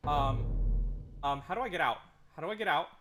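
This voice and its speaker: A young man streaming a game live, talking excitedly and nervously and swearing often. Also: a little high, fairly quick, music in the background. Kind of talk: live gameplay commentary.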